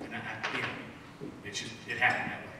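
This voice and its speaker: A man in his forties telling rambling, animated stories as an after-dinner speaker and taking questions from the audience in a large banquet hall. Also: mid-range voice, fast talker, heavy background noise. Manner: rambling, animated, with lots of restarts. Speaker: after-dinner speaker, former baseball player. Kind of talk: storytelling speech with audience questions. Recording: echoey hall from far off.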